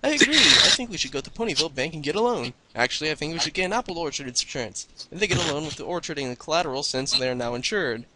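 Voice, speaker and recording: A man's voice: a little high, animated, very fast, hardly any pauses, heavy background noise, close to an everyday voice. A man voicing a cocky flying pony mare who tries to act cool, in a mock-earnest comedic fanfic reading.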